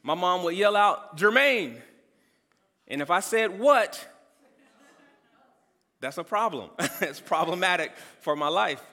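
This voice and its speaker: A man preaching a sermon as pastor, emphatic, calling out some lines loudly. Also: high voice, normal speed, hardly any pauses, big-room sound.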